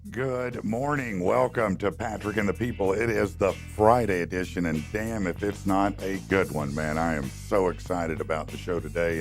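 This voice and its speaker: Male morning-show host, very low voice, upbeat and loose, studio mic with faint music under him. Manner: upbeat, loose, drawn-out fillers. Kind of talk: casual morning show chat.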